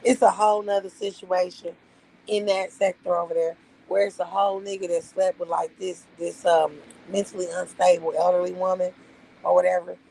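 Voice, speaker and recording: Gravelly-voiced woman ranting on a livestream. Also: on the low side, little pitch movement, moderate pace, mellow, slight background noise, low-quality recording. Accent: Las Vegas, African American Vernacular English. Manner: profane, emphatic, rambling. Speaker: livestream host. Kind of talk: casual livestream rant.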